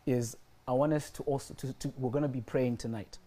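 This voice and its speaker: Man, preacher, sermon, repeats phrases for emphasis, mid-pitched voice. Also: steady tone, fairly quick, warm tone. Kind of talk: sermon with a personal testimony.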